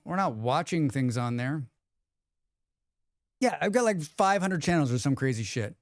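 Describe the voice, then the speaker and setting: A man's voice: fairly high pitch, darkish tone, smooth, no echo, clean studio sound. A young man chatting casually on a live stream, rambling and reading chat messages aloud, now and then swearing. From United States.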